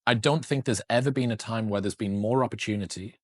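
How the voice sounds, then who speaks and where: Man, podcast chat, low voice, reflective, candid, dry close sound. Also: fast talker, dry recording. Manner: candid and reflective, with occasional swearing. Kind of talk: casual podcast conversation.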